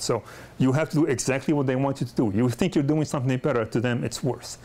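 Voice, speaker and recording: Speaking fast in a medium-pitched, slightly mellow voice, a middle-aged pediatric dentist lectures to his course. The talk is conversational and story-driven, marked by many restarts and repeated words.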